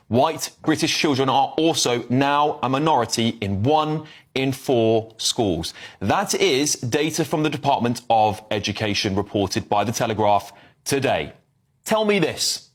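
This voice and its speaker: A man reading out statistics in a measured, pointed way, then asking rhetorical questions. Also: mid-range voice. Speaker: online commentator.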